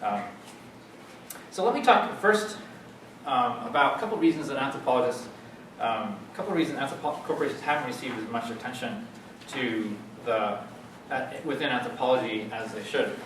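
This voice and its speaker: Man lecturing in an echoey hall. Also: mid-range voice. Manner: halting, many fillers and restarts. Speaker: guest lecturer. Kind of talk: academic lecture. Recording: echoey hall, distant mic, noisy.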